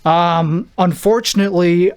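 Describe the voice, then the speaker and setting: A young man with a high voice talks through a loose solo podcast monologue. He rambles and cuts himself off, poking fun at himself, and sounds out of breath. His delivery is halting, with restarts throughout. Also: clear, resonant tone. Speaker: podcast host. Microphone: camera mic.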